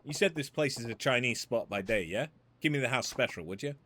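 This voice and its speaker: A man's voice: medium pitch, expressive, brisk, bright, forceful tone, a little hiss or hum. A man voicing a brash, cocky street tough in a video game, with coarse slang. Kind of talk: reading game dialogue aloud.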